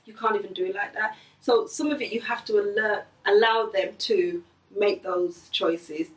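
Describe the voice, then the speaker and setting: A middle-aged woman, the host's mother, talking gently and earnestly in a casual family conversation. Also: mid-range voice, moderate pace, distant mic. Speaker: mother of the host. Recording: echoey room, voice a bit off-mic.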